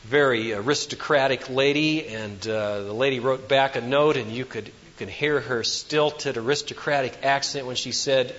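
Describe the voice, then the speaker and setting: Pastor, male, higher-pitched voice, dramatic preaching that swings loud to soft, dull lo-fi church recording with long reverb. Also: lively intonation, measured pace. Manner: emphatic, swinging between loud declarations and hushed asides. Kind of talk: sermon.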